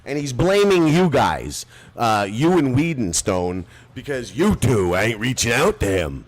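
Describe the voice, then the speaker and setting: A podcast host in casual chat who turns to a profane, insulting rant. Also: male voice, medium pitch, big pitch swings, measured pace.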